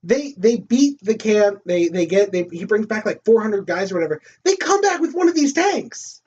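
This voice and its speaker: A man co-hosting a casual movie discussion podcast, animated and laughing often as he acts out lines from the film. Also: high-pitched, normal speed, slightly rough. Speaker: podcast co-host. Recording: distant, dull lo-fi recording.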